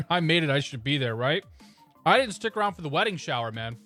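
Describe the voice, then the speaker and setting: A man's voice: a little high, big pitch swings, a little fast, bright, forceful tone, soft background music. A man chatting casually on a live stream, laughing often and talking through his cockpit steps. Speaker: flight sim streamer.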